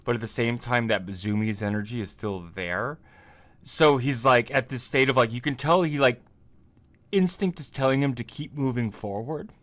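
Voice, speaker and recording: A man's voice: medium pitch, normal speed, fairly bright tone. A man chatting casually on a livestream as an indie game developer, rambling, laughing often and restarting his sentences.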